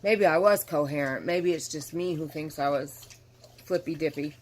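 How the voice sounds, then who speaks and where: A woman's voice: low-pitched, normal speed, darkish tone. A tired middle-aged woman chatting candidly to her camera in a rambling, apologetic vlog, yawning now and then. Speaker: vlogger. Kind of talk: casual vlog chat to camera.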